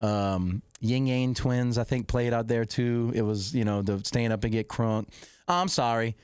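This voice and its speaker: A middle-aged man, hosting a podcast, rambling and correcting himself as he excitedly recounts a football game. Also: mid-range voice, a little slow, clean tone, dry recording, clean studio sound. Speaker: podcast host. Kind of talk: casual storytelling.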